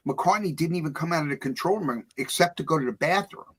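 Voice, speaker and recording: A middle-aged man, a guest on a talk show, telling a story with lively voices for the people in it. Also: a little fast, slightly rough. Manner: acts out voices in his stories, big swings in pitch and loudness. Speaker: author and music producer guest.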